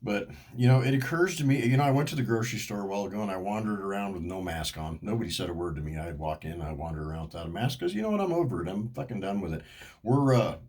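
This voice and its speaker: A man's voice: fairly low pitch, animated, quick pace, a little mellow. Cranky, profane middle-aged man ranting. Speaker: vlogger. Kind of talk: casual ranting monologue.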